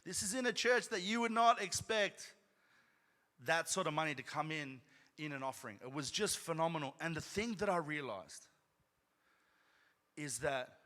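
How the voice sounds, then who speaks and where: Male pastor, sermon, chatty storytelling, asks "right?" often, bright forceful tone, long church reverb. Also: a little high. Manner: conversational, frequent "right?" asides, rising to loud emphatic peaks. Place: church sanctuary.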